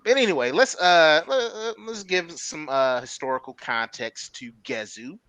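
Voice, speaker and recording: A male podcast host talks in a casual, slangy way that swings up and down with lively energy. His voice is bright and forward. The sound is dry and close, with no room around it. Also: a little high, normal speed, dry recording. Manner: animated, slangy, gives historical context. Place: home setup, live-streamed podcast.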